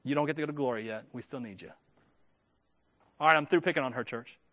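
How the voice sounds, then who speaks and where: A man preaching a sermon to his congregation, animated and full of joking asides. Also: mid-range voice, quick pace. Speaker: pastor.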